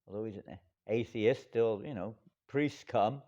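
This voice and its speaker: A monk giving a lively, dramatic storytelling sermon with wry asides. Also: male voice, fairly low pitch, unhurried, hardly any pauses. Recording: dull lo-fi lecture recording.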